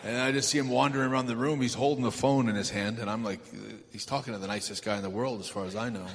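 A man being interviewed on a live stage, telling anecdotes in a rambling, halting way with lots of fillers and chuckles. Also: medium pitch, steady tone, a little hiss or hum. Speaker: guest. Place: large event hall stage. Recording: reverberant hall, faint ambience.

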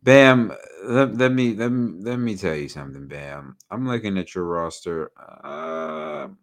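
Slow, animated man bantering. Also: sits low. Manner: drawling, laughs and teases. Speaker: podcast co-host. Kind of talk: casual sports podcast banter.

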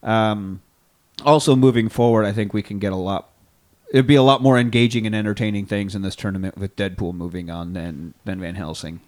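A man's voice: on the low side, fairly even intonation, a little fast, a little mellow. A man co-hosting a podcast, chatting casually, rambling and swearing often. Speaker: podcast co-host. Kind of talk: casual chat.

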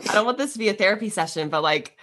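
A woman's voice: medium pitch, expressive, racing, a loud crowd. A woman in casual chat, emotional and effusive as she praises her guest.

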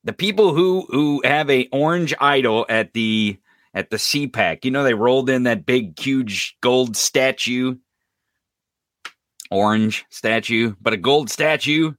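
Animated, bright-voiced podcast ranter. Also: male voice, medium pitch, dry recording, studio quality. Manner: animated, profane ranting with laughs and sarcasm. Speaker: podcast host. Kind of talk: live-streamed political commentary.

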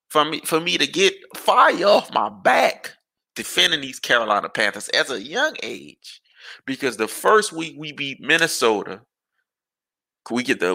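Animated, exasperated man ranting about sports. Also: mid-range voice, creaky. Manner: animated, exasperated, swears freely. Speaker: podcast host. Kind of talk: rambling sports podcast rant.

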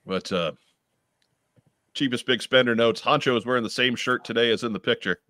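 A man co-hosting a casual livestream, reading out viewer comments with halting restarts. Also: mid-range voice, pushed and bright, no room sound. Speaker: podcast co-host.

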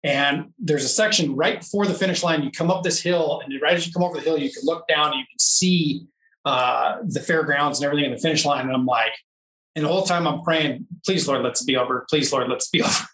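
A man telling a long personal story in a casual interview, animated and laughing often. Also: on the high side, a little fast, echoey room, recorded from a distance, a little hiss or hum, rough recording. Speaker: interview guest, off-road racer.

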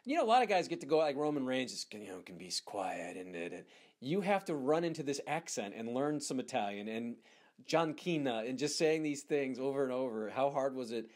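Guy hosting a chat show, average pitch, asks long rambly fanboy questions. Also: very animated, a little fast. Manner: enthusiastic fan, rambling questions with many restarts. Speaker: podcast host. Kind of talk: casual interview chat.

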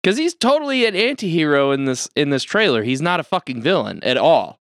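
A man's voice: on the high side, very animated, brisk, fairly bright tone, no room sound, clean studio sound. A man co-hosting a podcast in casual chat, loose and profane, laughing often. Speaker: podcast co-host.

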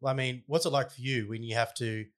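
A man interviewing a player in a relaxed, chatty way, with "um" and "I mean" fillers. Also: mid-range voice, fairly quick. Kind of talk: casual interview chat.

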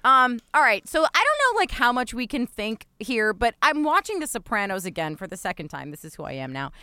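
Lively, laughing woman podcast co-host. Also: a little high, a little fast, clean tone, dry recording. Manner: animated, laughs often, mimics voices in quotes. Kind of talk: casual chat.

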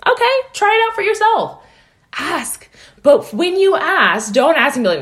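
A woman's voice: high voice, big pitch swings, normal speed, fairly bright tone. A woman life coach giving an earnest, encouraging motivational talk, often checking in with "right?".

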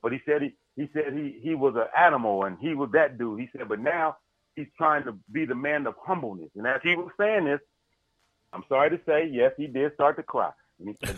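A podcast co-host with a brisk mid-range voice energetically tells a story amid casual sports chat, paraphrasing and laughing as he goes. The recording is echo-free but has its highs cut off.

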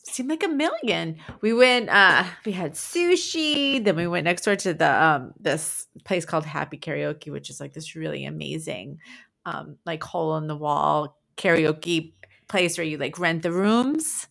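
A woman co-hosting a podcast in casual chat, a little raspy, talking with lots of fillers and laughter. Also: low voice, lively intonation, a little slow, fairly bright tone. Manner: chatty, laughs often, many fillers. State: slightly raspy from singing. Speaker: podcast co-host.

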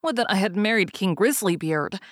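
A woman's voice: medium pitch, lively intonation, brisk, dry recording, clean studio sound, close to an everyday voice. A woman voicing a spoiled young princess. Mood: plaintive. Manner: haughty, then plaintive.

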